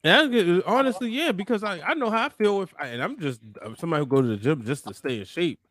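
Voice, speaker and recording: A man's voice: sits high, animated, quick pace, a bit bright, dry recording. A man in his thirties co-hosting a podcast, talking loosely and agreeably with slang. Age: 30s. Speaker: podcast co-host. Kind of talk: casual wrestling chat.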